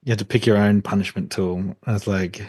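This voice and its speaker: A man co-hosting a podcast, talking in a relaxed, hesitant way with lots of fillers. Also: fairly low pitch, brisk, slightly rough, no room sound. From Australia. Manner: relaxed, hesitant with many fillers, laughs easily. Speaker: podcast co-host. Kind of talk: casual chat.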